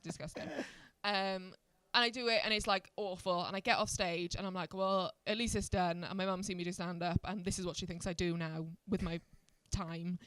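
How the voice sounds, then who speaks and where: A woman's voice: on the low side, a little fast, few pauses, no room sound. A woman in her thirties from Wales, a stand-up comedian, telling stories in casual podcast chat with frequent laughter. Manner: animated storyteller, laughs often.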